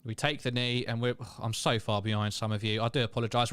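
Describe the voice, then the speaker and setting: A man's voice: medium pitch, flat delivery, fast, a bit bright, smooth, no echo. A young man hosting a live match watchalong, chatting casually, reading viewer comments and calling the play. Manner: chatty, self-deprecating, reads out viewer comments.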